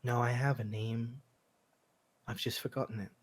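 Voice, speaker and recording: A man voicing a scared, confused young boy who speaks softly and timidly. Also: mid-range voice, fairly even intonation, normal speed, lightly acted. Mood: soft, eerie.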